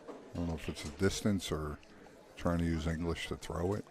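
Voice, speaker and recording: A man doing live pool commentary, relaxed and playing off his co-host. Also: low-pitched, normal speed, a crowd in the background. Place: pool hall.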